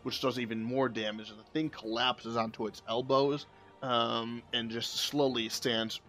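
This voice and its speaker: A man running a tabletop game as game master, narrating casually with plenty of fillers and quick laughs. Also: mid-range voice, fairly bright tone.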